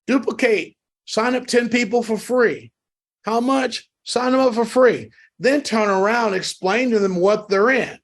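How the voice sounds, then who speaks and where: A man with a fairly high voice runs a sales training call. He speaks in an emphatic, repetitive motivational style, pressing the same points again and again. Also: a little slow. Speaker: network marketing trainer.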